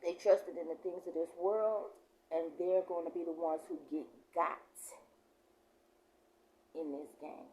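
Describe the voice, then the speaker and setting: A woman reading scripture slowly and with emphasis, then adding loose, conversational commentary. She often clears her throat. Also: lowish voice, warm tone, slight background noise, rough recording. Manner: reads verses slowly and emphatically, then talks in loose asides. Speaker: prophetess.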